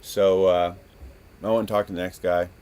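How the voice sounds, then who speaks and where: A man from Northern California hosting a podcast, rambling through a casual, profane story in an animated way. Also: low voice, moderate pace, clear, resonant tone. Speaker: podcast host.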